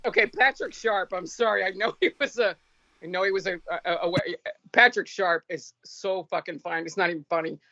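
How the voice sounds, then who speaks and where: A woman's voice: on the low side, fairly quick, sharp tone, no room sound, dull audio. A young woman co-hosting a casual podcast, blunt and sweary, laughing often. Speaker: podcast co-host.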